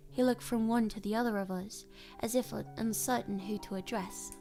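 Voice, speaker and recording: Woman streamer, relaxed story reader, slightly high voice, faint music bed. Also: normal speed. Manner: relaxed, stumbles and corrects herself. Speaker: streamer reading aloud. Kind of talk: casual story reading.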